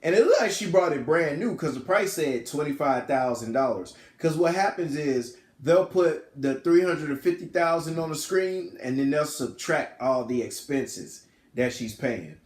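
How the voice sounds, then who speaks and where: A man's voice: on the high side, expressive, moderate pace, a little mellow, reverberant. A man casually retelling a film's plot in a rambling, slangy way, often correcting himself. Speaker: film reviewer.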